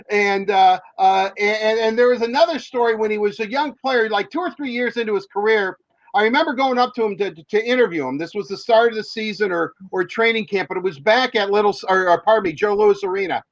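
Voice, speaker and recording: A man's voice: high voice, brisk, no room sound, dull audio. A man, a hockey reporter, telling long rambling stories in casual chat, with many fillers and restarts.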